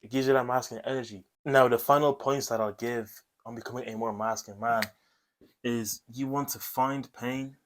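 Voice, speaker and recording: A man's voice: medium pitch, steady tone, moderate pace. A man talking straight to camera, giving blunt advice in a coaching tone, tagging points with "okay?" and swearing casually. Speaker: self-improvement video host. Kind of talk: direct-to-camera advice monologue.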